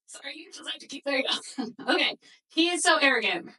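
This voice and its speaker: Lively, bright-voiced woman presenting a workshop. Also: high voice, fast, distant mic, low-quality recording. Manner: animated storytelling, acts out quoted dialogue. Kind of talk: workshop talk with slides.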